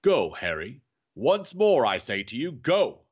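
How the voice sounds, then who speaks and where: Man voicing an obstinate elderly professor: animated swings, gentle then menacing. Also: lowish voice, a little slow, dull audio. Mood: vehement. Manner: tender then harsh and menacing. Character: old male professor, stubborn, fiercely determined. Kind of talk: reading a novel aloud.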